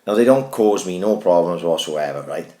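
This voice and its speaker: A man in his thirties with a low voice spins a sweary, rambling anecdote for his podcast co-host at a moderate pace, animated and chatty, tossing in "right?" and curses throughout. The room sound is echoey.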